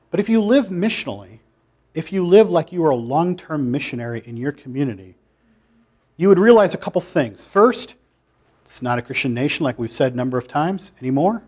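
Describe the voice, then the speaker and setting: Man, pastor, casual sermon, slightly high voice, challenging, dry asides. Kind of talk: informal sermon to a church group. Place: church meeting room.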